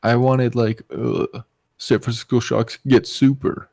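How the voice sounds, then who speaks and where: A young man co-hosting a podcast, talking casually and sounding a bit flat and disappointed. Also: mid-range voice, measured pace, gravelly, no room sound, clean studio sound. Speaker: podcast co-host. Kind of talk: casual esports chat.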